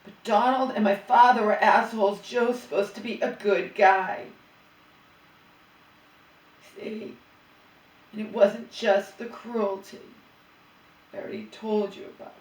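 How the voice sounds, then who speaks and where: This middle-aged woman vents in a heated, swearing ramble, doubling back and restarting her sentences. Her voice sits at an ordinary pitch for a woman. It echoes around a room, picked up from some distance off the mic. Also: steady tone, unhurried, pauses often. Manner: agitated, profane, rambling with restarts. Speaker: vlogger. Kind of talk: emotional venting monologue.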